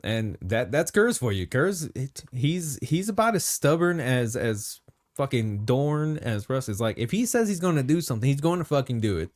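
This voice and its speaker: A man's voice: mid-range voice, big pitch swings, normal speed, a little mellow. Laughing, foul-mouthed man retelling lore. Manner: swears a lot, laughs through retellings. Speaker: podcast co-host. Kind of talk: casual lore chat.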